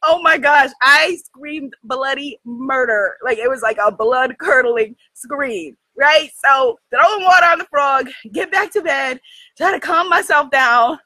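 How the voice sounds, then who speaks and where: A woman from New hosting a spiritual livestream, telling a story in an animated way, laughing often and talking straight to her viewers. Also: sits high, unhurried, no echo, poor audio. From United States. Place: outdoors in the jungle.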